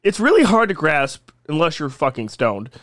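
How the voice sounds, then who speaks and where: A man's voice: fairly high pitch, big pitch swings, moderate pace, fairly bright tone, dry recording, clean studio sound. A man co-hosting a casual comedy podcast, laying out absurd theories in a teasing, mock-serious way. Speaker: podcast co-host presenting conspiracy theories.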